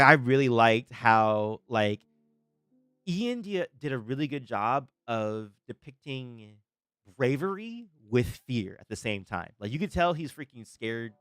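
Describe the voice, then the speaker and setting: Excitable young man, dry close sound. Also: medium pitch, smooth, no room sound. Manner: excitable, stammering restarts, laughs often. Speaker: livestream host reacting to a trailer. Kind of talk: excited live reaction and chat shout-outs.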